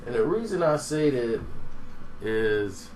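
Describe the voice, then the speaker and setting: A man giving a casual, rambling movie review, meandering and pausing to search for names. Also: mid-range voice, very animated, a little mellow, slight background noise.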